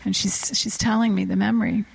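A woman preacher telling a story in a sermon, her voice climbing high to stress key words. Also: fairly even intonation, fairly quick, creaky, breathy edge, rough recording.

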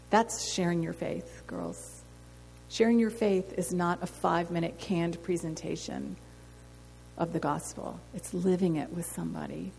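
Woman speaker, earnest storytelling sermon voice, slight fry, reverberant hall with faint noise. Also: fairly low pitch, a little mellow. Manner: earnest, storytelling, rhetorical questions. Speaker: women's ministry speaker. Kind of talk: sermon testimony.

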